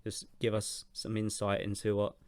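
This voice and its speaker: A man hosting a podcast, asking relaxed questions in casual chat. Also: fairly low pitch, normal speed, no echo. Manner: relaxed questions, laughs along. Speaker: podcast host.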